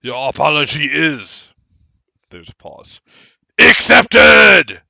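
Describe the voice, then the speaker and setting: A man voicing giant toothy stone statues that shout in booming voices. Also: animated, takes it slowly, vocal fry, dry recording, heavily acted.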